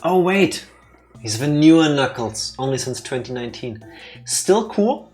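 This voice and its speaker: A man hosting a let's play, commenting on the game in an excitable, joking way with quick asides. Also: mid-range voice, faint music behind. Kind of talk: casual gameplay commentary.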